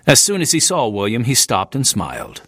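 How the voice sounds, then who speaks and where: A male audiobook narrator reading in a clear, steady storytelling manner. His intonation moves with animated ups and downs at a medium pitch. The studio sound is dry and close. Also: brisk, no echo.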